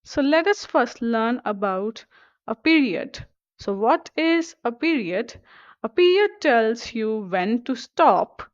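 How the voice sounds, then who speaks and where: A woman teaching a scripted grammar lesson, speaking slowly and carefully. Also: on the high side, animated, no echo. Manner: slow, careful and deliberate. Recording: dull, lo-fi recording.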